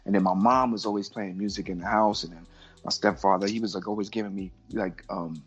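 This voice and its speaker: A middle-aged man from Brooklyn, a guest on a casual podcast, telling lively stories and acting out the voices in them. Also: on the low side, a little fast, slight background noise. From Brooklyn, New York. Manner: animated storyteller, acts out voices in anecdotes. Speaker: guest artist. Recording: muffled lo-fi audio with faint music.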